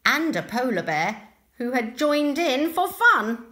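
Nursery teacher reading aloud to small children; high, lively, slow sing-song delivery in an echoey room. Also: female voice. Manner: gentle, expressive and sing-song. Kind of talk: storybook reading to young children.

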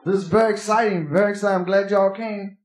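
Profane stand-up comic in an echoey club. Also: male voice, sits high, steady tone, quick pace, darkish tone. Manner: profane, streetwise storytelling. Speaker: stand-up comedian. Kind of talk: live stand-up routine. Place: nightclub stage. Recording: echoey club with crowd laughter.

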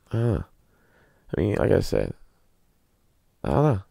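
A man's voice: sits low, very animated, a little slow, gravelly, long pauses, warm tone, slightly rough, dry recording, studio quality. A man hosting a solo podcast, rambling through crude, joking, self-mocking rants. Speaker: podcast host.

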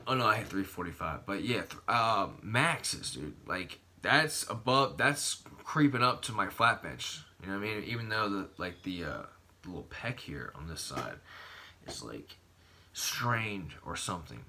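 A man's voice: lowish voice, bright, forceful tone, husky. A young man vlogging about fitness in a casual, profane, rambling way, saying "dude" constantly. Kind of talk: casual vlog talk.

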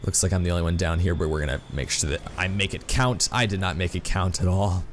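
Brief: male gaming YouTuber, lowish voice, excitable and self-deprecating, with light background hiss. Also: fast talker. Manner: excitable, self-mocking, full of exclamations. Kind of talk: live gameplay commentary.

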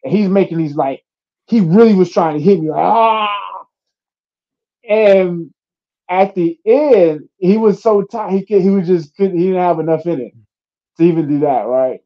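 Speaking at normal speed in a voice that sits high, a young adult UFC fighter chats casually during an interview. He tells animated stories, acts out what people said, and curses freely, while the audio's highs are cut off.

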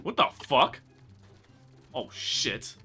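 A man chatting and shouting while playing an online shooter, excitable and swearing a lot. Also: very slow, loud music behind the voice. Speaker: gamer. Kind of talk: casual gaming chat.

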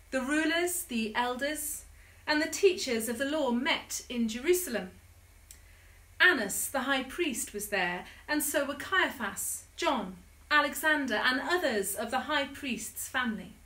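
A woman leading a church service, chatting in a relaxed way before reading scripture aloud. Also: high voice, measured pace, echoey room.

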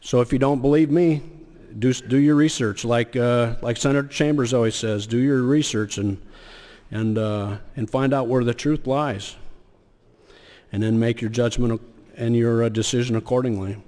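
A man delivers a legislative floor speech, pausing often on fillers and starting phrases over. His voice sits at an ordinary middle pitch. Long reverb from the big chamber trails each phrase. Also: fairly even intonation, mellow. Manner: halting, many fillers and restarts. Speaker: state senator.

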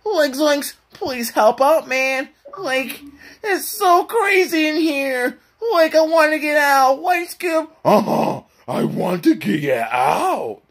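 Shaggy, a high whiny cartoon slacker. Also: male voice, big pitch swings, slow pace, fairly bright tone, exaggerated voice. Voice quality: high nasal drawl, says "like, zoinks". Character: jittery scared male cartoon slacker.

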